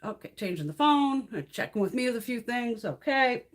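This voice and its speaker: A middle-aged woman tells a rambling, profane story on her livestream. Her fairly high voice swoops up and down with a lot of expression as she acts out each exchange. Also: expressive, moderate pace. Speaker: beauty livestream host.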